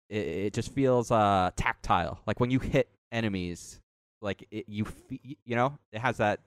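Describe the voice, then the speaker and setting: A man's voice: fairly low pitch, no echo, studio quality. Rambling man chatting about games. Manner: rambling, lots of fillers and laughs. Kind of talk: casual chat.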